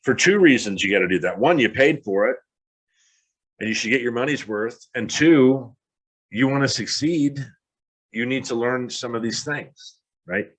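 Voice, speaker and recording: A man's voice: mid-range voice, moderate pace, a bit bright, low-quality recording. A man in his fifties giving an earnest, candid motivational talk with a self-deprecating touch. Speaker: motivational speaker.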